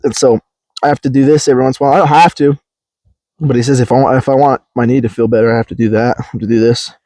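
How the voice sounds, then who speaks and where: A young man co-hosting a casual chat, telling rambling stories full of swearing and loud acted-out quotes. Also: medium pitch, fairly even intonation, very fast, dry recording. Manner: rambling storyteller, swears a lot, acts out quotes loudly. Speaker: podcast co-host.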